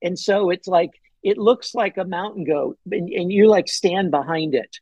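A man telling a hunting story as a podcast guest, excited and rambling, with many fillers and restarts. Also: moderate pace, breathy edge, dry recording, muffled recording. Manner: acts out his own past words with big pitch jumps. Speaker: podcast guest, bowhunter and pastor. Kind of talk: casual storytelling in an interview.

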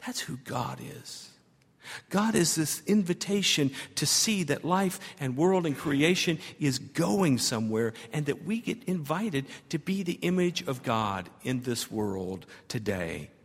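A man's voice: on the high side, big pitch swings, unhurried, breathy edge. A man preaching a sermon as pastor, telling a story and building to emphatic, repeated phrases. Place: church sanctuary. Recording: long church reverb.

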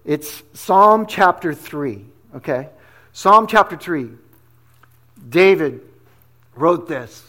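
A man with a notably high voice preaches a sermon to his congregation. He keeps it relaxed and conversational and drops in slang asides as he goes. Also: slow, long pauses. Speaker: pastor.

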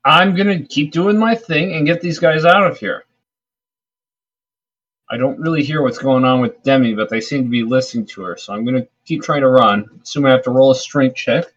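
A man's voice: mid-range voice, fairly quick, a bit bright. An easygoing man playing a tabletop game, laughing often as he goes. His voice sits in the middle of the range. The audio is dull and lo-fi. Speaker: player.

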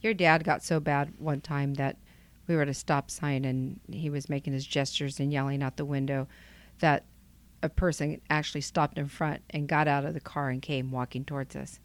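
A middle-aged woman speaking candidly in an interview about her marriage, reflective and halting, with frequent ums. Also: deep voice, flat delivery. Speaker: guest, wife.

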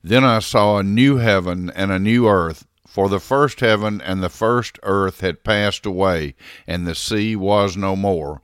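A man giving a scripted scripture reading in a measured, solemn, even delivery. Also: sits low, smooth, no room sound, clean studio sound. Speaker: scripture reader.

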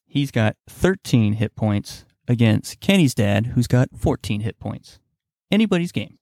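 A man's voice: medium pitch, sing-song, unhurried, a little mellow, no echo, studio quality. A man co-hosting a podcast, narrating a dice-roll battle in a jokey, laughing way. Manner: laughs often, jokey play-by-play. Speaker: podcast co-host.

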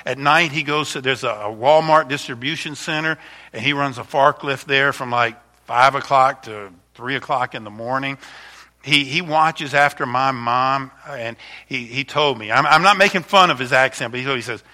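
A pastor in his fifties chats his way through a slideshow of stories ahead of his sermon. His storytelling is warm and chatty, with frequent restarts, delivered in a mid-range voice at a moderate pace.

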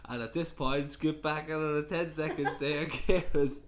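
A young man co-hosting a podcast, chatting casually with quick, teasing interjections. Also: fairly high pitch, fairly even intonation. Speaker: podcast co-host. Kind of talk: casual chat.

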